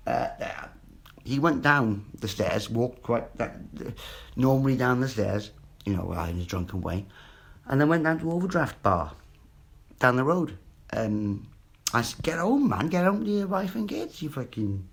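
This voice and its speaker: Gravelly, husky man ranting. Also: on the low side, a bit bright. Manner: agitated, sweary, repeats himself. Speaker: vlogger. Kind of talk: rambling monologue.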